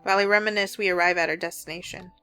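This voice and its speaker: A woman's voice: lowish voice, steady tone, rapid-fire, sharp tone, clear, resonant tone, soft background music. Earnest woman reading a visual novel. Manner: earnest, heartfelt first-person narration. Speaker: let's play narrator.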